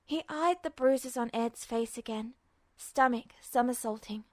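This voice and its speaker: A woman reading a fanfiction story aloud as a podfic, with steady, measured narration. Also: a little high, no room sound. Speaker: podfic reader.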